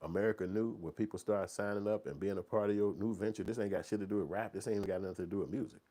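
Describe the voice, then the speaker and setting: A man, telling stories in profane, animated casual commentary. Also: fairly low pitch, very fast. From Chicago. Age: 40s. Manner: animated, profane, rambling street talk. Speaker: movie channel host.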